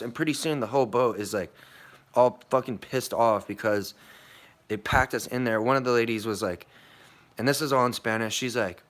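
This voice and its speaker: A man's voice: medium pitch, moderate pace, a bit bright. A young American man telling a long story in a casual vlog, rambling and swearing, with many fillers and restarts. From United States. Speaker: vlogger.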